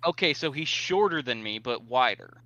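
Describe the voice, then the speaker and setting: A man playing a tabletop game, relaxed, describing what his character does. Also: medium pitch, normal speed, dull audio. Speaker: player. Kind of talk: casual tabletop game play.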